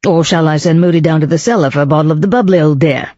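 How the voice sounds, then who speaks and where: A woman's voice: low-pitched, quick pace, warm tone, dry recording, lo-fi sound. A woman voicing a breezy, amused upper-class young Englishman in an audiobook. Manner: breezy, amused, clipped slang.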